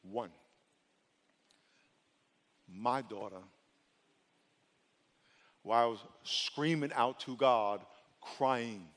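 A man preaching a sermon as pastor, animated and acting out voices in his stories. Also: medium pitch, drawn-out words, long pauses, big-room sound.

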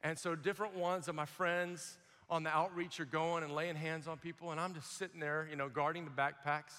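A young man preaching a sermon, telling a personal testimony with animated storytelling, acting out voices and shouting at the high points. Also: a little fast, clear, resonant tone, big-room sound.

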